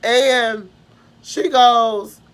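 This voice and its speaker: A woman's voice: on the high side, steady tone, very slow. A young woman, rambling through a personal story and correcting herself as she goes. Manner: rambling, self-correcting, emotional retelling.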